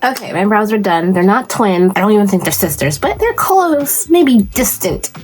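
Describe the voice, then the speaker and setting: A woman's voice: medium pitch, animated, normal speed, over music. A woman in her thirties chatting casually while doing her makeup, telling a story and jumping into quoted voices as she goes. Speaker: beauty vlogger. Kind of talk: casual get-ready-with-me chat.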